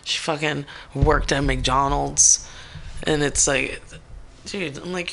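An American woman hosting a radio talk show, telling stories in a lively, profane way and acting out what people said. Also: sits low, takes it slowly, gravelly, a little hiss or hum. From United States. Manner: animated, profane storytelling with acted-out quotes. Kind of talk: casual chat. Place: radio studio.

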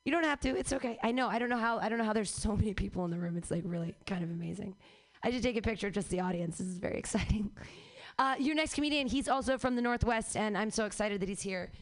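A woman's voice: medium pitch, fast. A woman hosting a comedy show on a packed stage, introducing the next comedian. She is upbeat and chatty, and rambles a little. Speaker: show host.

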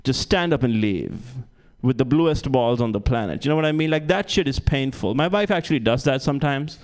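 A young man working a comedy club stage into a handheld mic, mid-pitched and self-deprecating. He stumbles through restarts as he builds each joke. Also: expressive, brisk, darkish tone. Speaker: stand-up comedian. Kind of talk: stand-up comedy set.

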